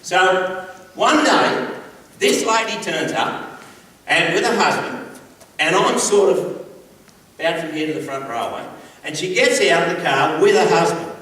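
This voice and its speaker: High-voiced Australian man spinning yarns in a hall. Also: a little slow, pauses often. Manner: animated yarn-spinning, acts out quoted voices, laughs along. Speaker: public speaker. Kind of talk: humorous storytelling speech. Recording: roomy hall, distant mic, background noise.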